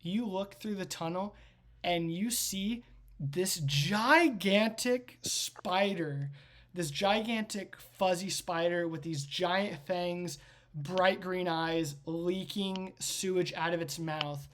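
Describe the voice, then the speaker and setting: A woman's voice: fairly low pitch, slow, a little hiss or hum. A woman game master narrating a tabletop game with vivid, rambling storytelling. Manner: vivid storytelling with frequent restarts.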